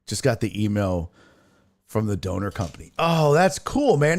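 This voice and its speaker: A man hosting a casual sports live stream, reading viewer comments and ranting with profane, exasperated outbursts that break into yelling. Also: mid-range voice, lively intonation, moderate pace.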